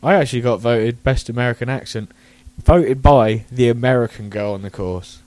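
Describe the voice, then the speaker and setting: A man's voice: mid-range voice, moderate pace, a little mellow, no room sound. A man from England co-hosting a podcast, telling loose anecdotes in casual chat with plenty of swearing. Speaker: podcast co-host.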